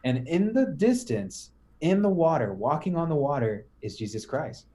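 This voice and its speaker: A man's voice: on the high side, moderate pace. Slangy man telling a story. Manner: slangy, animated, says "bro" and "right?" often. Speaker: podcast guest. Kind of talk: casual storytelling pep talk.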